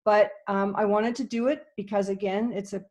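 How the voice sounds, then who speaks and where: A woman's voice: medium pitch, steady tone, normal speed, a little mellow. Canadian woman doing a conference talk over a video call, earnest, lots of ums and restarts. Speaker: conference presenter. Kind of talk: online conference presentation.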